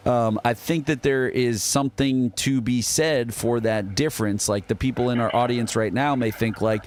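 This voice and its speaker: A man's voice: mid-range voice, moderate pace, hardly any pauses, slight background noise. A man hosting a casual livestream, thinking aloud in long rambling sentences with restarts. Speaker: livestream host.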